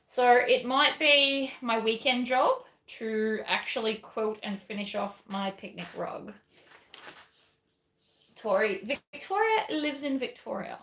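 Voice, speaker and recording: A woman's voice: fairly high pitch, lively intonation, takes it slowly, a bit bright, echoey room. A woman giving a chatty, self-deprecating craft tutorial while she works.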